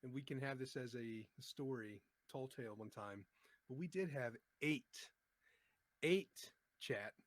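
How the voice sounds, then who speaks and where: A man co-hosting a podcast at a mid-range pitch, trading relaxed jokes with his co-hosts. His voice is recorded close and dry, with no room sound. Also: unhurried, no echo. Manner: relaxed, joking banter. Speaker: podcast co-host. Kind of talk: casual podcast chat.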